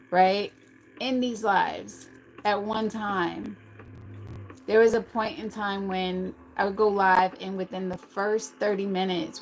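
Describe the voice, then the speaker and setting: Her mid-range voice comes through a rough recording with a bit of hiss or hum. A middle-aged woman from the United States with a slight lisp, she hosts a casual livestream, chatting as she reads viewer comments aloud and answers them.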